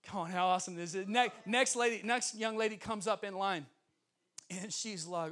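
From a church sanctuary stage, a young guest preacher speaks in a high, bright voice at a moderate pace. His sermon is storytelling, punctuated by bursts of laughter and his own renditions of the characters' voices, with delivery and tone animated throughout.

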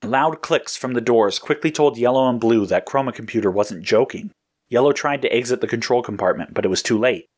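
A man reading a scripted action story aloud in a steady, descriptive manner. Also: medium pitch, a little fast, slightly rough. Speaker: narrator.

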